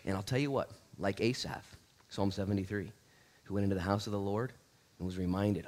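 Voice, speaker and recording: A man pastor giving a casual, animated sermon in church, laughing and acting out little asides. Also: lowish voice, fairly quick.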